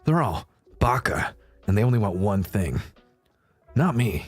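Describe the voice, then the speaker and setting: A man putting on a gruff creepy anime fan. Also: big pitch swings, a little slow, soft background music, heavily acted. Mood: creepy flirting.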